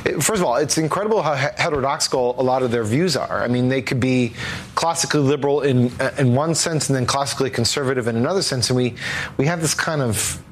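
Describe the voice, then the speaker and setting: A man's voice: mid-range voice, fast, slight background noise. A man appearing as a guest analyst on a political talk show, hesitant with many fillers.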